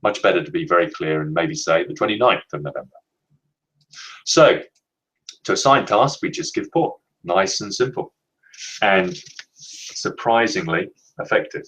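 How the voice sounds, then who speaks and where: A man presenting a leadership training webinar, explaining in a measured, emphatic way and slowing down to stress key words. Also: sits low, fairly bright tone, poor audio.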